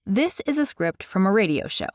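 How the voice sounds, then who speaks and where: A woman's voice: mid-range voice, very animated, moderate pace, no echo, studio quality. A woman hosting a voiceover tutorial in an upbeat, chatty scripted narration with playful asides. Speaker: tutorial host.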